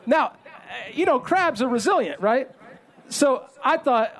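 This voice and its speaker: A man in his thirties preaching a sermon as pastor, telling a self-deprecating story in an animated way. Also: extremely high pitch, a little slow.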